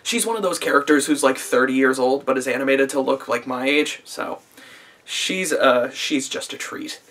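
A man's voice: medium pitch, moderate pace, a bit bright. A man in his twenties giving a casual, profane vlog review of a show, rambling with lots of fillers and dry sarcasm. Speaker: anime reviewer.

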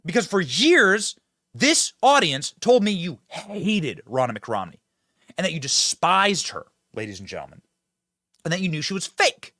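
Dude hosting a political show, high lively voice, bright and punchy, super dry sound. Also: male voice, no echo. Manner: emphatic, fast-talking, addresses audience directly. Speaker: political commentary host.

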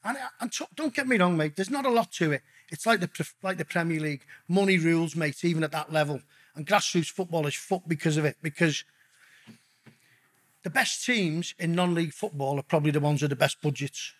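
A man's voice: a little high, brisk. A man, a guest, telling a story casually and animatedly, swearing heavily as he goes. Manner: heavy swearing, animated retelling.

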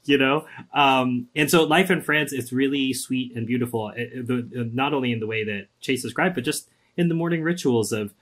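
An American man speaking as a podcast guest, emphatic and animated with a wry edge. His voice sits at an ordinary middle pitch and he pushes his points with energy. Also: brisk, hardly any pauses, husky. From United States. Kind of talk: casual interview chat.

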